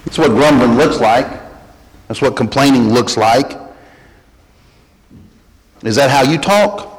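A male pastor delivering a sermon, earnest, sinking low and quiet to press a point and climbing high when quoting. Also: takes it slowly. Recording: long hall reverb.

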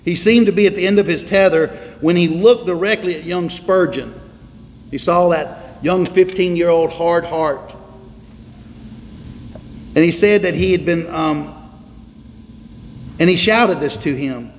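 A man's voice: a little high, measured pace, pauses often. A man preaching a sermon from the pulpit, emphatic and repetitive, hammering on single words. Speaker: pastor. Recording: reverberant hall with faint noise.

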